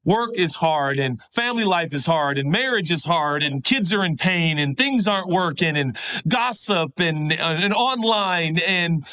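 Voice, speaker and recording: A man in middle age preaching a sermon with a voice pitched a little high. He talks like he's chatting with the congregation, lifting into animated bursts and dropping to quiet, low urging. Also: measured pace, smooth. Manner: conversational, swinging from animated highs to hushed low pleas. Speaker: pastor.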